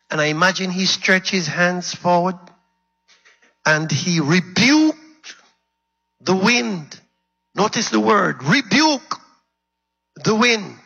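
A male preacher delivering an animated sermon that swings between loud shouts and low murmurs, calling out to his congregation. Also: creaky, breathy edge, highs cut off. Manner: calls out to the congregation.

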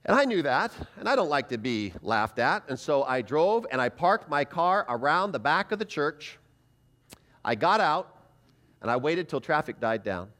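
A middle-aged man gives a sermon-style testimony at a seminar. His voice sits a little high and swings widely as he tells the story and acts out what he once thought. The delivery is animated and conversational. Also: normal speed. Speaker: seminar preacher.

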